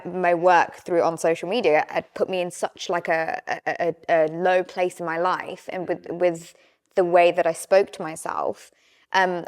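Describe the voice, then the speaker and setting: A woman's voice: on the low side, smooth. A young woman, a podcast guest chatting casually and acting out little exchanges as she tells stories. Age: young adult. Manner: animated storyteller who acts out quoted exchanges. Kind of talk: casual chat.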